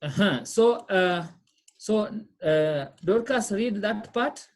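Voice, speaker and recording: A woman's voice: medium pitch, lively intonation, slow, a little mellow. A woman teaching a French lesson, explaining patiently, repeating phrases and checking that students follow. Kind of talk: online class lesson.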